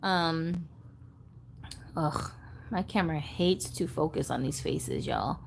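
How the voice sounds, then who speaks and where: A woman's voice: low-pitched, slow, gravelly, a little hiss or hum. A woman hosting a casual doll-collector livestream, chatting in a rambling, easygoing way and reading viewer comments aloud.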